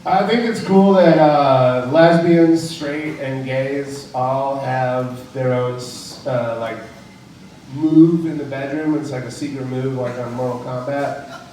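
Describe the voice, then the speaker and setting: A man's voice: medium pitch, steady tone, slow, a little mellow, distant mic, slight background noise. Crude rambling stand-up man, echoey room. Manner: crude, rambling, chuckles at own jokes. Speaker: stand-up comedian. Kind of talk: stand-up comedy set. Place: comedy club stage.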